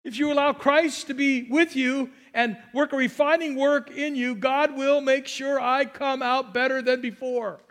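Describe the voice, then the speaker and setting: Very high-voiced preaching man. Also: steady tone, a little slow, few pauses, a bit bright. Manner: conversational preaching with joking asides and repeated words. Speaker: pastor. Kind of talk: sermon.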